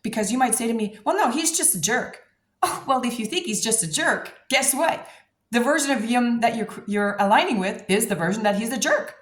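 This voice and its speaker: A woman coaching viewers on manifestation in a casual, blunt, animated way, swearing freely. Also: a little high, brisk, reverberant. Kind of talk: casual advice talk to camera.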